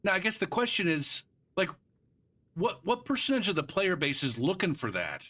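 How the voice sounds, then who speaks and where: Bright-voiced man ranting angrily. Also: sits high, sing-song, normal speed. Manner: frustrated profane ranting; rambling off-topic asides. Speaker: game streamer. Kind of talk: live gameplay commentary.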